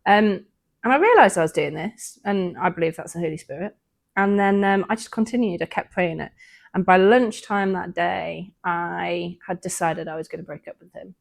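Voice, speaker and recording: A woman's voice: lowish voice, normal speed, vocal fry. Earnest woman telling her story. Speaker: podcast co-host. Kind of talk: casual personal testimony.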